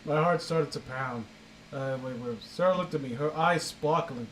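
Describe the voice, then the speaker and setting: A man's voice: a little high, normal speed, slight background noise, low-quality recording. A young man hosting a comedic reading of fan fiction, sarcastic and exasperated in his commentary. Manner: sarcastic, exasperated, breaks into laughter.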